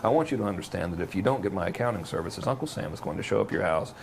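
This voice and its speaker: A man with a Georgia Southern accent voicing a dull male accountant in a flat, deadpan delivery. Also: deep voice, racing, gravelly, a little hiss or hum, pitched below the performer's own voice. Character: dull, monotone male accountant, self-mocking.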